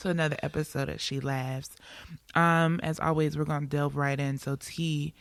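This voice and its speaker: A woman's voice: low-pitched, normal speed, no echo. A woman co-hosting a casual faith podcast, talking playfully and laughing often. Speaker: podcast co-host.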